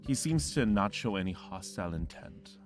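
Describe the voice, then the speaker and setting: A man's voice: on the low side, expressive, normal speed, soft background music. A man narrating a tabletop game as game master, rambling with fillers and self-corrections.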